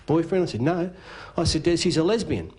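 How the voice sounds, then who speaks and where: A man with an Australian accent telling a comic story at a club dinner, spinning a yarn with quick punchlines and doing the other man's lines. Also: a little high, lively intonation, noisy background. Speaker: after-dinner speaker. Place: club function room.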